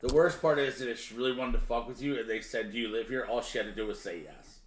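A man's voice: mid-range voice, steady tone, fast, a little hiss or hum. A man in casual podcast chat, making dry, wisecracking remarks. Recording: roomy echo.

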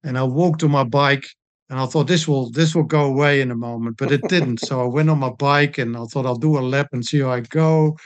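An older man, a sports doctor telling stories in a relaxed interview, with frequent pauses and ums. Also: mid-range voice, no room sound. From New Zealand. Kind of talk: casual storytelling interview.

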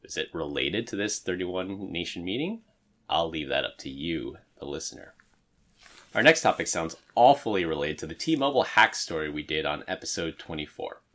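A man's voice: low-pitched, moderate pace. A man hosting a podcast, chatting casually and then reading out a tech news rundown. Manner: hesitant, restarts a lot in chat, steady when reading news. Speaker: podcast host.

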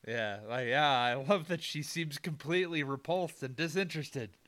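A man's voice: a little high, normal speed, a bit bright. A man casually recapping a movie with a friend, meandering with fillers and mock-quoting characters. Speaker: podcast co-host.

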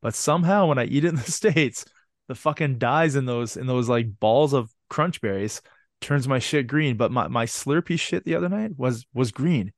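A man's voice: medium pitch, lively intonation, moderate pace, no room sound, clean studio sound. Male co-host with a mid-range voice, a profane, rambling storyteller. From Canada. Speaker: podcast co-host. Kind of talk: casual chat.

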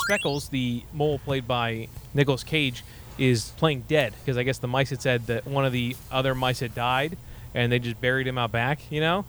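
A young adult man recapping a movie in a rambling, comedic way, full of fillers and quick character voices. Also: mid-range voice, fairly bright tone, a little hiss or hum. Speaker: podcast host recapping a movie.

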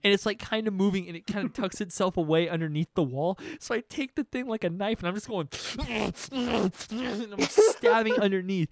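A young man telling a comedic story on a podcast, animated and profane, acting out sounds and quotes. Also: sits high, dry recording.

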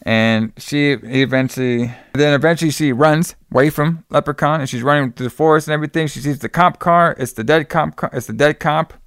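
Loose, profane male host recapping a movie, smooth voice, dry close sound. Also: a little high, a little fast, few pauses, a bit bright, dry recording. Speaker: podcast host.

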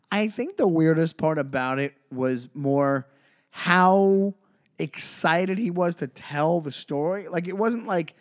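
A man with a fairly high voice co-hosts a podcast and tells a long story in a loose, casual way. He is animated and jumps much higher whenever he acts out what other people said. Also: takes it slowly. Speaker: podcast co-host and comedian.

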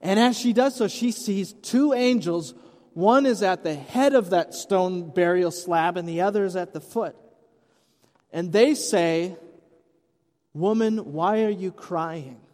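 A man's voice: sits high, measured pace, darkish tone. A man preaching an Easter sermon as pastor, retelling the story conversationally with light humor. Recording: long hall reverb.

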